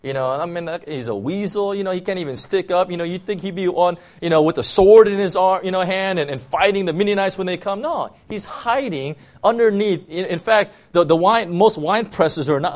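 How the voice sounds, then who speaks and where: A man preaching a sermon to his church, talking in a loose, conversational way and often checking in with "you know" and "right?". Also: sits high. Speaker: pastor.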